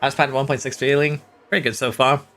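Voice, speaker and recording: Bright-voiced Norwegian man streaming. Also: medium pitch, a little fast, slight background noise. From Norway. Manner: relaxed, answers chat, chuckles often. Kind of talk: casual live-stream chat while playing.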